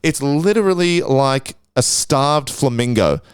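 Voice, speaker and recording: The host of a casual solo podcast, this Australian man speaks a little slowly but animatedly in a clean, mid-range voice. The studio-quality recording has no echo, and he rambles crudely, swearing constantly and restarting his sentences.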